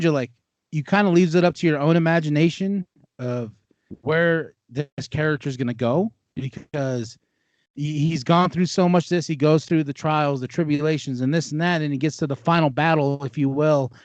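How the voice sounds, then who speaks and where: A man chatting casually about movies, telling animated stories and laughing often. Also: a little high, normal speed, no echo. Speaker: podcast co-host. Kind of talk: casual chat. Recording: dull lo-fi dry sound.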